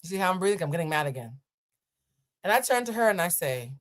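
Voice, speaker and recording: A woman hosting a live show, telling a story in an animated way and deliberately slowing down. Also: fairly low pitch. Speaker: host.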